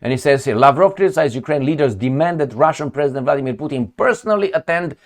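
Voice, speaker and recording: Animated man ranting over news. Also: medium pitch, fast. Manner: animated, sarcastic, rambling with restarts. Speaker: political commentator. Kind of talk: casual commentary reading articles.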